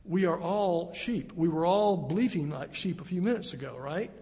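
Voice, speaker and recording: A man's voice: sits high, normal speed, mellow. A middle-aged male pastor preaching an earnest, conversational sermon in a church. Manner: earnest, conversational preaching with dramatic acted quotes. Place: church sanctuary. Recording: long reverb of a church hall.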